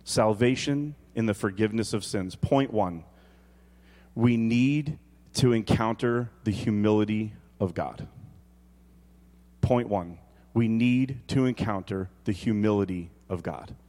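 A man in his thirties preaching a sermon, animated and joking, dropping to quiet emphasis and rising to loud exclaims. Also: on the low side, unhurried. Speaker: pastor. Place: church hall. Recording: long hall reverb.

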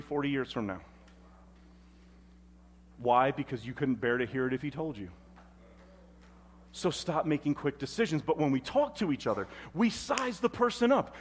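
A man preaching a sermon as pastor at a church service, expressive and emphatic. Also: fairly high pitch.

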